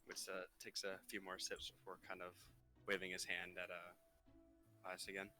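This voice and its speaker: Bright-voiced man playing a tabletop game. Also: low voice, completely flat delivery, soft background music, low-quality recording. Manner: halting, filler-heavy. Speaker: player. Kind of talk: casual tabletop play.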